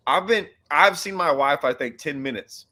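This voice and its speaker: A man's voice: on the high side, normal speed, sharp tone. A man hosting a casual fishing chat, rambling with restarts and loose asides. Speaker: host.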